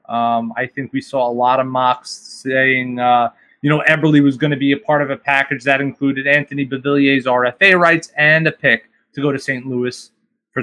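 A man's voice: medium pitch, pushed and bright. A man co-hosting a sports podcast, giving analytical opinions in casual chat with frequent ums. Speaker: podcast co-host.

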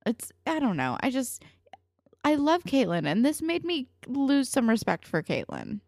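Young woman, podcast co-host, animated pitch, blunt swearing, exasperated casual chat, dry. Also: unhurried, gravelly, no room sound.

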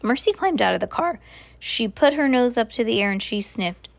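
A woman reading a children's storybook aloud at bedtime, gentle and lightly playful. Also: fairly high pitch, brisk, creaky.

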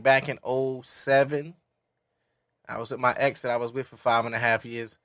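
A man's voice: mid-range voice, gravelly, dry recording, clean studio sound. A man in his thirties, a podcast host, telling a story in casual, profane chat. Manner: animated, profane, laughs through his story.

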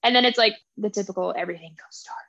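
A woman's voice: mid-range voice, racing, a bit bright, lo-fi sound. A young woman co-hosting a podcast, animatedly retelling a story's scenes and laughing often. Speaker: podcast co-host. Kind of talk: casual book chat.

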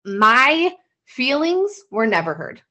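Woman cohost ranting, swears a lot, pitch jumps way up when she gets going. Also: big pitch swings, takes it slowly, sharp tone. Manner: heated and swearing, rising in pitch and volume when worked up. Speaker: podcast co-host. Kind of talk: casual chat.

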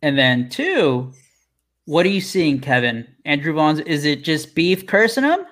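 A man's voice: fairly high pitch, very animated, a little slow, a bit bright. A man co-hosting a sports podcast who laughs often and asks his partner questions. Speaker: podcast co-host. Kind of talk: casual sports chat.

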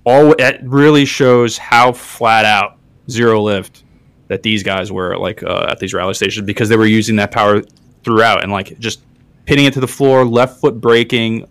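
A man on a casual podcast speaks in a smooth, resonant, somewhat low voice. He explains things eagerly and rambles with many "like"s. The sound is dry and close to the mic. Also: steady tone, moderate pace, a bit bright, no room sound. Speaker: podcast co-host.

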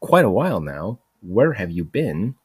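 A man's voice: on the low side, big pitch swings, a little slow, darkish tone, breathy edge. A man hosting a solo podcast, rambling casually with lots of "freaking" and "like". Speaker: podcast host. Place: home recording, voice message.

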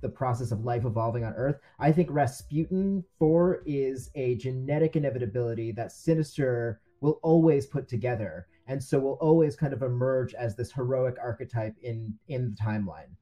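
Earnest guy gushing about comics, warm mellow voice. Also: mid-range voice, normal speed, hardly any pauses. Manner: earnest, enthusiastic. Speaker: comics podcast co-host. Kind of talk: casual chat.

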